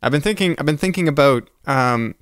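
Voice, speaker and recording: A man hosting a podcast in casual chat, relaxed and laid-back, trailing off into fillers. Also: mid-range voice, a little fast, smooth, dry recording, clean studio sound. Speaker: podcast host. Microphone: studio microphone.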